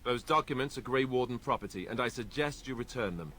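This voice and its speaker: An actor playing a wry young warrior in a video game, with dry, deadpan humor. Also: male voice, mid-range voice, brisk, slight background noise, close to an everyday voice.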